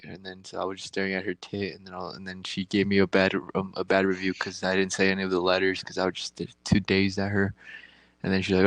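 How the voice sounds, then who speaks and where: Young man, crude rambling storyteller, lowish voice, dry close sound. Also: monotone, quick pace, a bit bright, no room sound. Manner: rambling, profane, laughing often. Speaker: podcast co-host.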